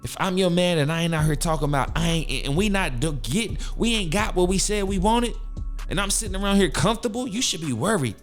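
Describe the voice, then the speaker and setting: A man's voice: sits high, animated, brisk, faint music behind. A man hosting a podcast, giving a hyped-up, preachy motivational talk full of cussing. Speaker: podcast host.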